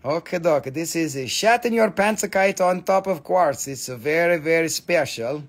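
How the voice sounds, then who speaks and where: Excitable, higher-pitched man selling crystals. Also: moderate pace. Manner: excitable, swearing, playful, non-native phrasing. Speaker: live sale host. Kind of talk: live-stream crystal sale.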